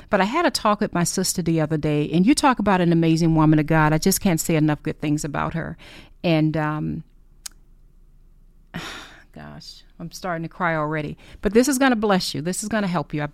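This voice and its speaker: A woman hosting a podcast, talking unscripted in an earnest, heartfelt way with many pauses. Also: sits low, vocal fry, no room sound. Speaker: podcast host. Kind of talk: unscripted personal talk.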